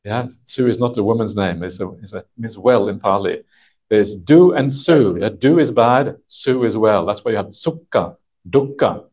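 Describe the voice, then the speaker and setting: A man teaching a retreat group as a monk, explaining a text patiently in a halting way full of "uh" and "yeah". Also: lowish voice, darkish tone, slightly rough. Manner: halting, thinks aloud, many "uh" and "yeah" fillers. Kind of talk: unhurried dharma talk explaining a text. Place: retreat session with a live audience.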